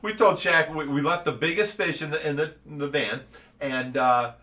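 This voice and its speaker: A man from Ohio hosts a relaxed live stream and tells stories in an animated way, laughing often. His voice is bright and forceful and sits a little high. He sounds set back from the microphone. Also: normal speed, recorded from a distance. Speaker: show host. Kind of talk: casual live-stream chat.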